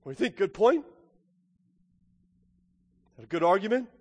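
Animated preacher man in a reverberant hall. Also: high voice, slow. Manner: animated, acts out characters' voices and asks the congregation questions. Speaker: pastor. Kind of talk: sermon. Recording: long reverb of a large hall.

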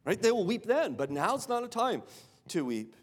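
A man's voice: high-pitched, sing-song, normal speed. A male pastor giving a conversational sermon, often asking rhetorical questions and repeating words as he goes. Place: church sanctuary. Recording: long hall reverb.

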